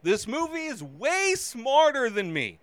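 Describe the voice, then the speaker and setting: A man hosting a casual movie review show, talking animatedly and acting out his own reactions with sudden shouts. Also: extremely high pitch, huge pitch swings, measured pace, no echo.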